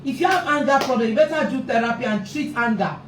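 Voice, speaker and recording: A woman's voice: a little high, quick pace. A woman with a slightly raised voice gives an impassioned talk on parenting, hammering her points through repetition. She sits back from the mic in an echoey space, with a faint hum of ambience behind her. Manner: emphatic, repeats points for stress. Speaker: family therapist and parenting speaker. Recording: roomy echo, distant mic, faint ambience.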